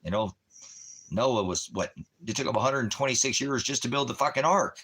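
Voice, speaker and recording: A man rants at his viewers, swearing freely and rambling from point to point. His voice is bright and forceful, cutting through as he gets worked up. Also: medium pitch, fairly quick, slightly rough. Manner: rambling, profane, heated, restarts often. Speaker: livestreamer addressing viewers. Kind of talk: casual profane rant.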